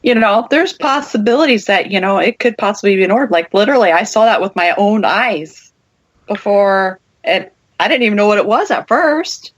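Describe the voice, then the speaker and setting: A woman's voice: medium pitch, animated, normal speed, no echo. A woman hosting a casual talk show, speaking in a chatty way with lots of fillers. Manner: chatty, lots of "like" and "you know". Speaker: podcast host. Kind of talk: casual chat.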